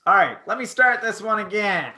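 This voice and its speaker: A Canadian man co-hosts a loose late-night stream. His voice sits a little high and sounds bright and forward. He rambles, trailing into fillers and starting sentences over. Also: big pitch swings, normal speed. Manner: rambling, many fillers and restarts. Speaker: podcast co-host.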